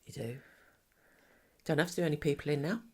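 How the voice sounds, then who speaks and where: A woman's voice: low-pitched, fairly quick, breathy edge. A middle-aged woman, co-hosting a podcast in casual, teasing chat and laughing often. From England. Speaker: podcast co-host.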